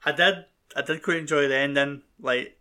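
A man's voice: a little high, steady tone, moderate pace, bright, forceful tone. A man co-hosting a casual film review chat, making laid-back, offhand remarks with some swearing. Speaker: podcast co-host.

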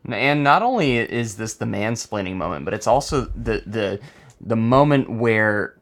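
A man's voice: fairly low pitch, unhurried. A man co-hosting a podcast, joking about a movie and laughing as he talks. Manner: animated, laughs mid-sentence. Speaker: podcast co-host. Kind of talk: casual movie-review chat.

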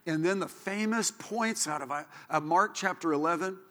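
A man's voice: high-pitched, moderate pace. A man preaching a sermon as pastor, telling stories with joking asides. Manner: animated storytelling, joking asides. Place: church sanctuary. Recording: church hall reverb.

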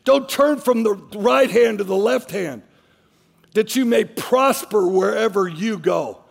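High-voiced gravelly preaching pastor. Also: male voice, unhurried, long reverb tail. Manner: emphatic preaching with repeated phrases. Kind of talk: sermon.

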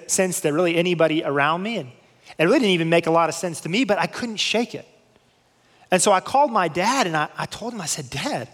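A man preaching a sermon, telling a story and slowing down to stress key words. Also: fairly high pitch, fairly bright tone, big-room sound.

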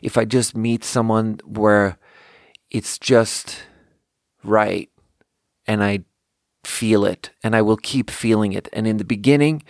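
A man with a fairly low voice hosts his own podcast alone. He rambles loosely, pokes fun at himself and laughs easily. The sound is close and dry, with no room echo. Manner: rambling, self-deprecating, quick to laugh. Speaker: podcast host. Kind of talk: casual solo podcast monologue.

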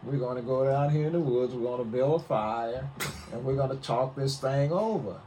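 A man's voice: mid-range voice, normal speed, mellow, far from the mic, a little hiss or hum, natural voice, low-quality recording. An older man voicing a mob leader who tries to coax a man into giving up his gun. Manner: coaxing, persuasive. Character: smooth-talking male mob leader, coaxing.

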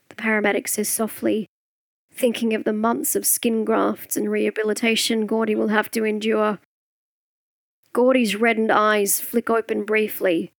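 A woman's voice: a little high, level tone, vocal fry, no room sound, studio quality. Woman reading a story dryly. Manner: measured, dramatic narration. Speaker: reader.

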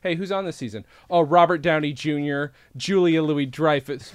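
A man's voice: a little high, lively intonation, brisk, hardly any pauses, dry recording. A man co-hosting a podcast in casual chat, playful and laughing often. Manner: playful, laughs often, slips into silly impression voices. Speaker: podcast co-host.

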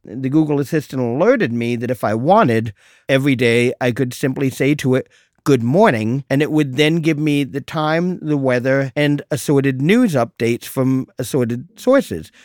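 A middle-aged man hosting a solo podcast, telling a story in a wry, deadpan way with mock exasperation. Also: mid-range voice, normal speed, dry recording, clean studio sound. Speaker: podcast host.

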